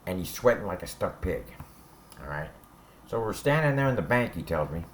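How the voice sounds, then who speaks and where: A lowish male voice swings up and down a lot as he tells hard stories about life behind bars. He talks bluntly and curses freely, and he keeps tagging his points with "all right?" The delivery is casual and conversational. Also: sing-song, brisk, slight background noise. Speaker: former prisoner telling stories. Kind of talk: casual spoken storytelling.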